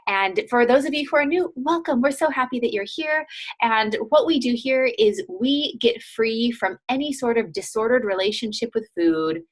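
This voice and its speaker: A woman's voice: fairly high pitch, animated, normal speed. Enthusiastic woman hosting a coaching podcast. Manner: enthusiastic, frequent "like" fillers. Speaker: lifestyle coach and host. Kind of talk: upbeat podcast interview.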